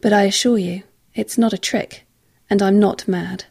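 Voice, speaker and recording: A smooth, insistent suitor who speaks in calm, coaxing tones, as a woman reads him aloud. The voice is husky with a gravelly edge and a dark, mellow colour, in a storybook reading. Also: medium pitch, moderate pace. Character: smooth possessive rich man, unsettling suitor.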